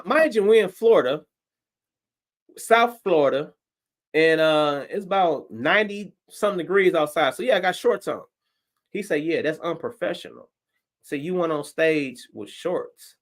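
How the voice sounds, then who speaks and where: On a livestream, a Detroit stand-up comedian tells a story, swearing freely and animatedly acting out his own reactions. His voice sits high.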